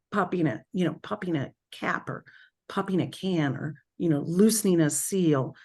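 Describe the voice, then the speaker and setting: A woman with a fairly low voice gives a reflective spiritual talk to her group. She speaks very slowly and thoughtfully, pausing often and correcting herself as she goes. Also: a little mellow. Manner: thoughtful, halting, with pauses and self-corrections.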